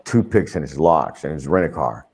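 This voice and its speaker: A man's voice: rumbling low, lively intonation, moderate pace, darkish tone, slightly rough. An older man telling a rambling, profane anecdote in an interview, often restarting and swearing freely. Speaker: wrestler telling a story in an interview.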